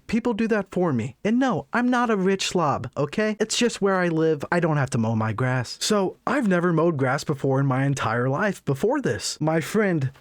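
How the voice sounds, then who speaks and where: Animated young man telling a story. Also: no room sound, studio quality. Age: young adult. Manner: animated, jokey storytelling with sudden high squeaks of excitement. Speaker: vlogger. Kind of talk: storytelling vlog.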